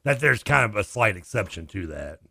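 A man's voice: lowish voice, very animated, creaky, bright, forceful tone, dry recording, clean studio sound. A man co-hosting a sports radio show, firing off incredulous questions in casual chat. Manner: incredulous, rapid questions, frequent laughs and "I mean". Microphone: studio microphone.

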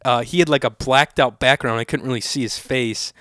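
A man's voice: mid-range voice, fairly quick, no room sound, clean studio sound. A young man from California telling stories in casual chat and acting out the quotes in a raised voice. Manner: animated storyteller, acts out quotes in a raised voice. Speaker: podcast co-host.

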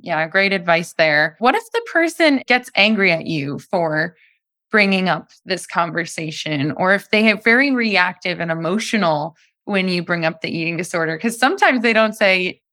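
A woman's voice: on the low side, lively intonation, normal speed. A woman hosting a podcast interview, affirming her guest and asking follow-up questions. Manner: affirming, soft backchannels. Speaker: podcast host.

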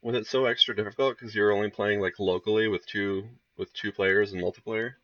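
A man's voice: on the low side, steady tone, a little fast, no room sound, dull audio. A man co-hosting a podcast, listening closely and asking follow-up questions in casual chat. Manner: attentive, asks follow-up questions. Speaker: podcast co-host.

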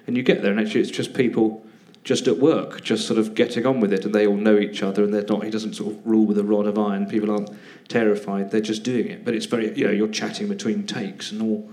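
A man's voice: fairly low pitch, little pitch movement, fast talker, hardly any pauses, darkish tone. A man telling rambling, self-deprecating anecdotes as a guest on a live podcast, often laughing mid-sentence. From Britain. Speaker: guest comedian and actor. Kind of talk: casual anecdotal chat. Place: theatre stage, live podcast.

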